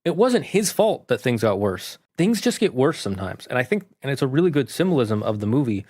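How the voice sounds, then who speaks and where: A man reviewing a movie, casually retelling its plot in a rambling, animated way. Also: mid-range voice, a little fast.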